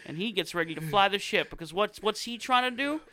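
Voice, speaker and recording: A man's voice: high voice, lively intonation, fast, pushed and bright, no echo. A man co-hosting a podcast, laid-back and profane as he walks through a movie's plot. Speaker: podcast co-host. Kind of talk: casual movie recap chat.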